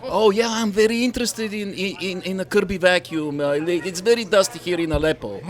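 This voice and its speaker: A man's voice: high voice, brisk, a crowd in the background, voice pushed up, lightly acted. A man putting on a mock Middle Eastern accent. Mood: mock eager. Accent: put-on Middle Eastern. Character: male caller faking interest in a vacuum.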